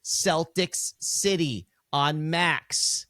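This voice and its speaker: Male podcast co-host, blunt, profane, slightly high voice, dry studio sound. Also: very slow, no room sound. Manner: blunt, profane, animated ranting. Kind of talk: casual chat.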